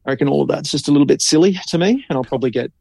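A man's voice: a little high, rapid-fire, gravelly, warm tone, breathy edge, no echo. A man, co-hosting a podcast as a marketing creative in casual chat, blunt and opinionated and swearing freely.

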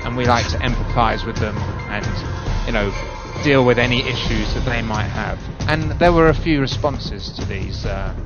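Man reading aloud, mock-serious. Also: mid-range voice. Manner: theatrical, drawn-out comic reading. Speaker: co-host reading a forum post. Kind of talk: casual radio chat, mock-serious reading. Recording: lo-fi, with music underneath. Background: music playing.

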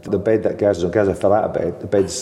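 A man's voice: deep voice, quick pace. A man in his sixties, a former footballer, telling anecdotes with chuckles and many restarts. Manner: chuckling, animated storyteller, full of restarts. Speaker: former footballer, interview guest. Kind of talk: anecdotal storytelling. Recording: roomy reverberant room sound.

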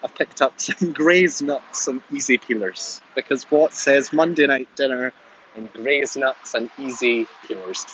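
A man's voice: mid-range voice, unhurried, a bit bright, a little hiss or hum, low-quality recording. A man with a Scottish accent leaving a chatty, cheerfully ranting voice message for a podcast. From Scotland. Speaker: caller.

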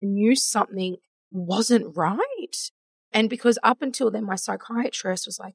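A woman's voice: mid-range voice, normal speed, slightly rough, no echo. A woman in her thirties hosting a podcast interview, talking candidly and with emotion, rambling and quoting her own past thoughts. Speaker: podcast host.

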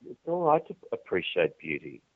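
Brief: male TV presenter guest, low-pitched, lively anecdotes, phone-quality audio, dry. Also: moderate pace, creaky. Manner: lively storyteller who acts out quoted dialogue. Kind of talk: candid chatty interview answers. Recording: dry, tinny phone-like line.

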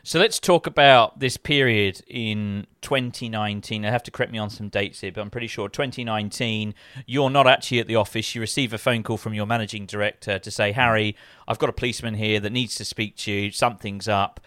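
A male interviewer laying out past events in a measured way before asking his guest a question. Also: fairly low pitch, steady tone, fairly bright tone, no room sound, studio quality.

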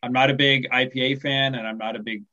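A man in his forties from the USA, a podcast guest chatting casually, talking haltingly with many restarts and small chuckles over a remote call. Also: mid-range voice, steady tone, bright, forceful tone, dull audio. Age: 40s. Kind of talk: casual conversation.

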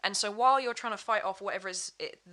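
A woman's voice: mid-range voice, fast talker, sharp tone. A woman chatting as a podcast guest, rambling with many fillers and restarts. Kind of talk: casual chat.

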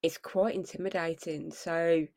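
A woman's voice: sits low, fairly even intonation, measured pace, creaky, a little mellow, no echo. A woman co-hosting a casual sports podcast, talking in long rambling runs. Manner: rambling, many fillers and restarts. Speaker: podcast co-host.

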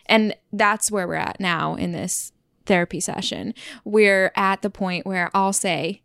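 A woman's voice: mid-range voice, steady tone, unhurried, creaky, a bit bright, no room sound, studio quality. A woman in a casual couples chat, talking freely with lots of "like.". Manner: chatty, frequent "like" fillers.

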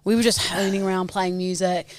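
A young woman co-hosting a podcast, chatting casually and teasing with quick interjections. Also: lowish voice, fairly even intonation, no echo. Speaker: podcast co-host. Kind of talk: casual chat.

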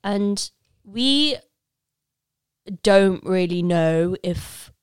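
A woman's voice: mid-range voice, lively intonation, drawn-out words, smooth, no room sound, clean studio sound. A young woman from Leicester, England, chatting as a podcast guest in a playful, rambling, self-mocking way. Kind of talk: casual podcast chat.

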